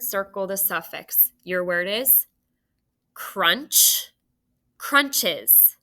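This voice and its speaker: A woman's voice: mid-range voice, bright, forceful tone. A young woman teaching a recorded phonics lesson for children, patient and encouraging, sounding out words and letters.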